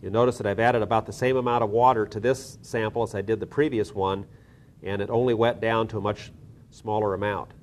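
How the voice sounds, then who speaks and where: Low-voiced man demonstrating a lab technique. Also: fairly even intonation, fairly quick, slight background noise. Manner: methodical, explains step by step with small restarts. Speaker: soil science instructor.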